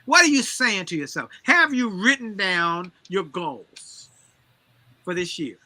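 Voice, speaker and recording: A man speaking as a motivational guest, his voice piercingly bright and forceful. He builds his points through emphatic, sermon-like repetition. The sound is dry and close, with almost no room around it. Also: sits high, very animated, slow, no echo. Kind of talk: energetic motivational storytelling.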